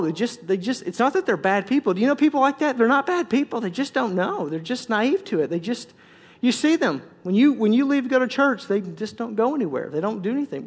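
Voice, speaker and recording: A man's voice: high voice, big-room sound. A man, a pastor, preaching a conversational, joking sermon, full of restarts and acted-out quotes.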